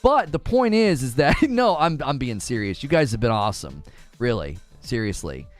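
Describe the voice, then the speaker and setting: A man's voice: mid-range voice, sing-song, moderate pace, faint music behind. A man hosting a casual live stream, chatting and joking with viewers, laughing often and slipping into playful voices. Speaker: streaming show host.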